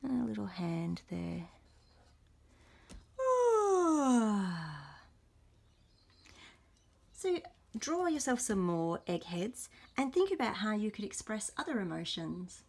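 A young adult woman illustrator, gently and encouragingly talking through a drawing lesson for teachers as she sketches. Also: medium pitch, big pitch swings, normal speed, gravelly, slightly rough. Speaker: illustrator leading a workshop.

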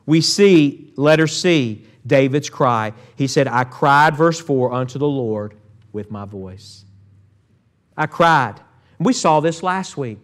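A man's voice: mid-range voice, expressive, takes it slowly. A man preaching a sermon, reading Scripture and calling out to the congregation. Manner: preaching with call-outs to the church and Scripture readings. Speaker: pastor. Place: church sanctuary.

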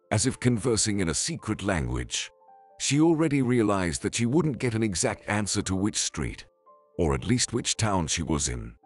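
A man narrating a scripted story in an expressive storytelling manner. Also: low-pitched, slightly rough. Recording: faint background music.

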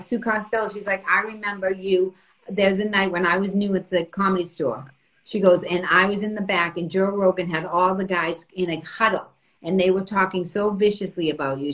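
A middle-aged woman comedian telling stories in casual podcast chat, animated and profane. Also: on the low side, rough recording. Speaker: comedian guest.

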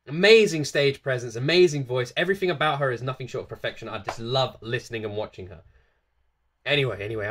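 A reaction video host talking casually to camera, gushing over a singer, repeating phrases again and again and breaking into laughter. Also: medium pitch.

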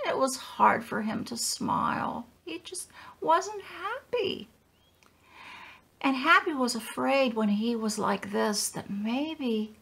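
A woman pastor telling a children's story in an animated, sing-song storytelling manner, with a gravelly edge. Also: sits high, measured pace.

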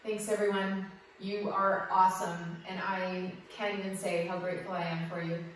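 A woman yoga teacher guiding a breathing class with gentle, affectionate cues, recorded in an echoey room from a distance. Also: fairly low pitch, level tone, normal speed, slight background noise.

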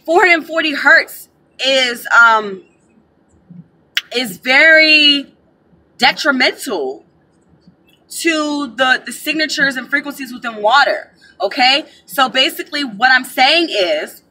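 A woman giving casual spiritual advice to her viewers, chatty and animated, calling them y'all, recorded on a camera mic. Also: sits high, a little slow, rough recording. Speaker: spiritual advisor.

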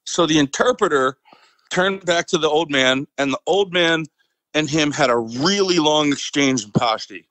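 A man's voice: a little high, moderate pace, a bit bright, dry recording, low-quality recording. A man, a military veteran and podcast guest, telling a story casually with many fillers and frequent chuckles. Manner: rambling, fillers, chuckles often.

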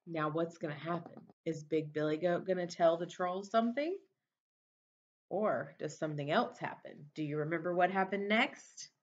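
A woman teacher reading a storybook aloud to children, expressive, pausing to ask them questions. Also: on the low side. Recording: dull lo-fi recording.

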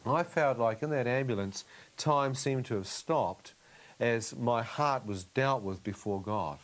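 Man, mid pitch, testimony guest, casual storyteller who acts out his inner prayers. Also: a little slow. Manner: relives the scene, acting out his own inner prayers; casual, with frequent "you know what I mean" asides. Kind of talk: conversational storytelling.

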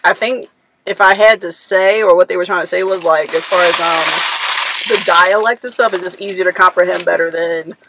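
A woman's voice: lowish voice, steady tone, moderate pace, heavy background noise. A woman who travels with her trucker partner, chatting casually in a rambling, talkative way. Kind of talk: casual chat.

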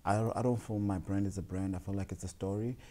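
A young man, a guest telling stories in a relaxed, rambling way with many fillers. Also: low voice, fast talker. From South Africa. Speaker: guest, jeans designer. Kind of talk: casual storytelling interview.

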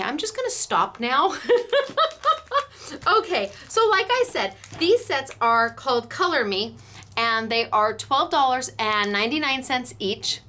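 A woman's voice: a little high, pushed and bright. A middle-aged woman hosting a casual craft demo, chatty and gushing, laughing often. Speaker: craft show host.

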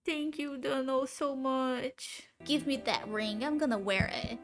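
A woman's voice: a little high, takes it slowly, hardly any pauses. A woman reacting to a TV drama, emotional and gushing, cursing freely in casual commentary.

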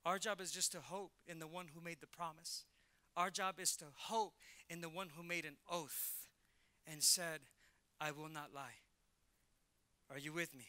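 Male pastor, sermon, high bright voice, animated, slangy. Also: normal speed. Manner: animated, acts out Bible characters in casual slang.

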